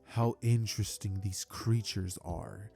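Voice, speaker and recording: A man's voice: on the low side, fairly even intonation, slow pace, gravelly, mellow, soft background music. A man voicing a timid young male alien prince who stammers and hesitates in a fan story narration. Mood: awed.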